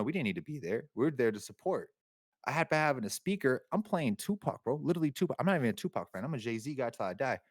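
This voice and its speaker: A man's voice: mid-range voice, no room sound. A young man, talking casually as a podcast guest, rambling and slangy, with lots of swearing. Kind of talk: casual chat.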